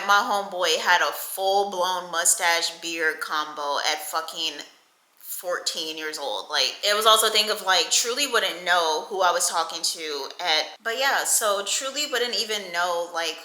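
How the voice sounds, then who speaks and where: A young woman in her twenties tells a story straight to camera with a very bright, sharp voice. She is animated and chatty and swears freely. The sound has a roomy echo. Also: lowish voice. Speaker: storytime vlogger. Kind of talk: casual storytime.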